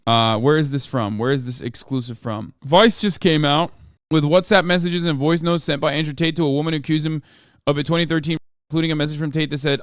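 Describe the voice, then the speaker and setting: A man's voice: fairly high pitch, smooth, no echo. Slangy male streamer, dry sound. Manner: incredulous, slangy, reads articles aloud quickly. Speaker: streamer reacting to news. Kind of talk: casual reaction commentary.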